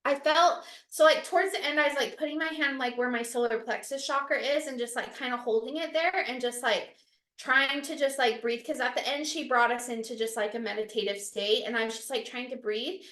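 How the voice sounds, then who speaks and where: Young woman podcast co-host, high voice, rambling filler-heavy storytelling, roomy echo. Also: a little fast, fairly bright tone. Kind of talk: casual chat.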